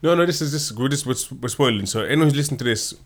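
A man's voice: mid-range voice, expressive, fast talker. Chatty man co-hosting a podcast. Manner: playful, rambling, many restarts. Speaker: podcast co-host. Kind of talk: casual chat.

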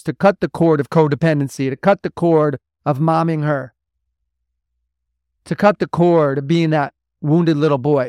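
A man's voice: fairly high pitch, darkish tone, clear, resonant tone, no room sound, studio quality. A man hosting a motivational podcast as a mentor to men, talking bluntly and emphatically with lots of repetition. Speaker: podcast host and men's mentor.

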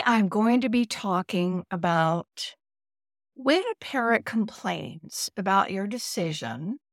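A woman's voice: medium pitch, dry recording, studio quality. A woman principal hosting her own podcast, speaking candidly to fellow principals and laughing at herself now and then. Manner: candid, laughs at herself, acts out parent voices. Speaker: podcast host, school principal. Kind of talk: solo podcast talk.

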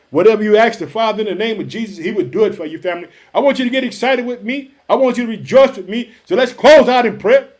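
A man preaching a fervent sermon, reading scripture aloud and calling his listeners family. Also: sits high. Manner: fervent, calls listeners family, shouts hallelujah.

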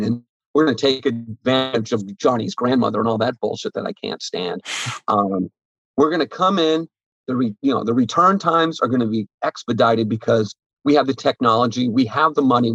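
Gravelly, blunt card shop owner. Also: male voice, medium pitch, no echo, highs cut off. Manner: blunt, animated, swears freely. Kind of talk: casual podcast interview.

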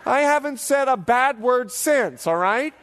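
A man in his forties, a pastor preaching a sermon to a congregation with animated storytelling, acting out the voices he quotes. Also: extremely high pitch, unhurried. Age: 40s. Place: church hall before a live congregation.

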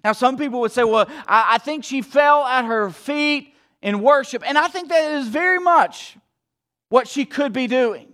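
Impassioned high-voiced preaching man. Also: normal speed. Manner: impassioned, swings between hushed and emphatic. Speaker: pastor. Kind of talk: sermon.

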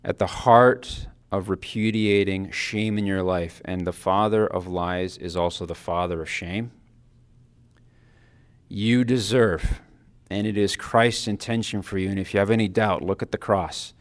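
A man giving a personal devotional talk, earnest and reflective, his phrases often trailing off softly. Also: sits low, fairly even intonation, unhurried. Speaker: Christian speaker giving a Lenten reflection.

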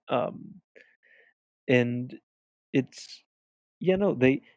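A young man weighing in on a film in a casual chat, his pitch right in the middle. He often stumbles over the first words, then settles into a thoughtful, measured argument. The recording is dry and close. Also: no room sound. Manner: hesitant starts, thoughtful and measured. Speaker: podcast co-host. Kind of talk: casual movie review chat.

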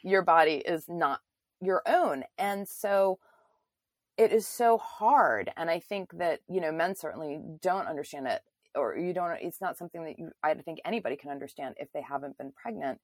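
A woman's voice: deep voice, animated, moderate pace, no room sound. A woman hosting a podcast, chatting animatedly with fillers and frequent laughs. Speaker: podcast host. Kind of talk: casual chat and reading a book excerpt aloud.

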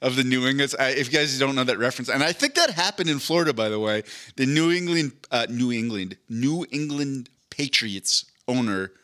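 A man's voice: medium pitch, a little fast, few pauses, bright, forceful tone. A man hosting a podcast in casual, rambling chat, joking and swearing freely. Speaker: podcast host.

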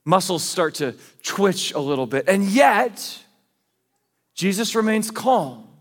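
A man's voice: high-pitched, very animated, slow pace, long reverb tail. A man preaching a sermon as pastor, telling a scripture story in casual, conversational everyday speech.

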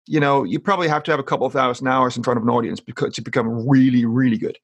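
A man's voice: mid-range voice, steady tone, very fast, vocal fry, slightly rough. Male interview guest, speaking coach, earnest, often repeats himself mid-thought. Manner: earnest, repeats words while thinking. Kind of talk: casual interview chat.

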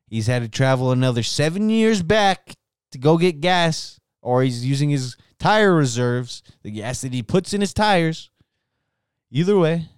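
A man hosting a podcast alone, rambling erratically and mocking himself, veering between low mumbles and sudden outbursts into a microphone. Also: clean tone, dry recording, studio quality. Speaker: podcast host. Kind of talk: solo rambling podcast monologue. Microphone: studio microphone.

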